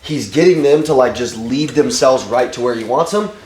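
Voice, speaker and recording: A man's voice: medium pitch, moderate pace, a little mellow. Casual man chatting in echoey room. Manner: casual, lots of filler words. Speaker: sales team member. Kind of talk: casual chat. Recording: echoey room, faint background noise.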